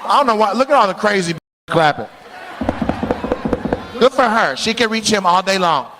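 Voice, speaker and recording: A man's voice: high-pitched, lively intonation, normal speed, background noise. A male stand-up comedian doing crowd work on a club stage, brash and teasing, often laughing as he talks. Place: comedy club stage before a live audience. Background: audience laughter and clapping.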